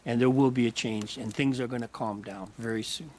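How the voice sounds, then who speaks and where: A Canadian man with a Canadian accent, chatting in a rambling, halting way outdoors by a campfire. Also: mid-range voice, fairly even intonation, a little mellow, a little hiss or hum. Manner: rambling, many fillers and restarts. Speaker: guest. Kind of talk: casual outdoor chat.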